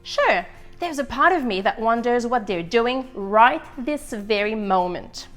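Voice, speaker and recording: A chatty, easily flustered little boy egg, put on by a woman in a storytime read-aloud. The voice sits high and swoops all over, unhurried, with faint music underneath. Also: expressive, a bit bright. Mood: musing. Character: chatty, anxious little male egg, loyal leader.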